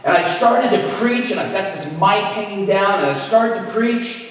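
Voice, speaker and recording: A man preaching with an animated, humorous storytelling manner, heard in an echoey hall from far off. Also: high-pitched, normal speed. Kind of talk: storytelling sermon. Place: event venue.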